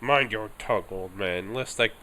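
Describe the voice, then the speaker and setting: A man's voice: lowish voice, moderate pace, bright, forceful tone, slight background noise. A man reading aloud game characters' lines in a hammy, slightly raised voice. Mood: hamming.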